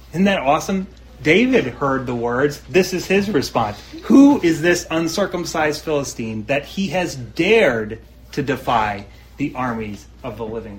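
A man's voice: on the high side, low-quality recording. A man preaching a sermon, reading scripture aloud and then explaining it in an earnest, conversational way, often asking his listeners questions.

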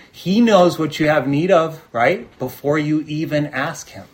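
A man's voice: on the high side, unhurried, few pauses. Earnest man preaching conversationally. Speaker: pastor. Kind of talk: sermon.

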